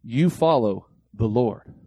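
A man's voice: mid-range voice, lively intonation, takes it slowly, warm tone, slightly rough, no room sound. A man preaching a sermon as pastor, mimicking the people he quotes in mocking voices.

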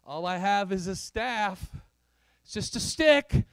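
A man's voice: high-pitched, lively intonation, slow pace, a bit bright, clear, resonant tone, dry recording, voice pushed up, exaggerated voice. Moses, a doubtful shepherd played by a man. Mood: plaintive. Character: pleading male shepherd doubting his simple staff.

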